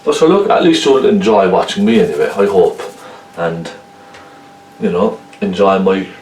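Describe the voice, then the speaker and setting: A man's voice: low-pitched, expressive, moderate pace, darkish tone, echoey room, far from the mic, a little hiss or hum, poor audio. A man with a Cork Irish accent giving a chatty painting lesson, often checking in with the viewer. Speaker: painting instructor. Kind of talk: casual painting tutorial.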